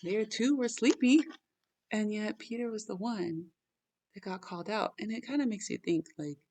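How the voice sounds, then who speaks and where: A woman hosting a casual Bible chat, reading scripture aloud and then talking through it in an excited, wondering way with lots of "like" and "right?". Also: mid-range voice, moderate pace.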